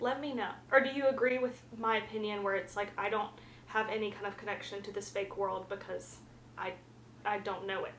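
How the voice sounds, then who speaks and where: A young woman from the American South giving frank, chatty book reviews in a casual vlog, full of fillers. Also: mid-range voice. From Southern United States, the Carolinas. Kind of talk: casual chat. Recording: roomy echo, faint background hiss.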